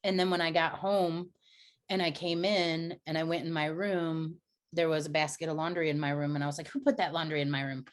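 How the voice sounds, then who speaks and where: Earnest storytelling woman, lowish voice. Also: level tone, moderate pace. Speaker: podcast co-host. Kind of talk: candid personal conversation.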